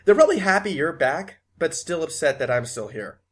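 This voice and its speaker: A man's voice: fairly high pitch, sing-song, a little fast, husky. An American man hosting a casual podcast, playful and self-mocking. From USA. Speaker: podcast host.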